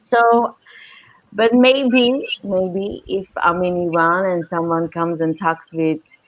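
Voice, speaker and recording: A woman with a slightly low voice gives her views in a chatty, opinionated way on a casual podcast. Her audio sounds dull and lo-fi. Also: fairly even intonation, slow pace. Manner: chatty and opinionated, with frequent fillers. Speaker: podcast co-host.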